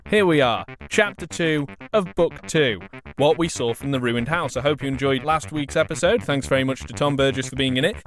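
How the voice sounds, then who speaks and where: A man's voice: mid-range voice, a little fast, a bit bright, soft background music. A man hosting a podcast, chatting casually with self-mocking asides and reading a book aloud. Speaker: podcast host and reader.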